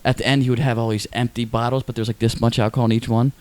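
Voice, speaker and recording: Fast-talking, profane male podcast host. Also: medium pitch, level tone, darkish tone, clean tone. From Westchester, New York. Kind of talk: casual storytelling.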